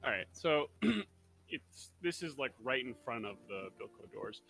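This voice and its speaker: Very bright, lively man at a tabletop game. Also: medium pitch, measured pace, gravelly, slightly rough, soft background music, low-quality recording. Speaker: player.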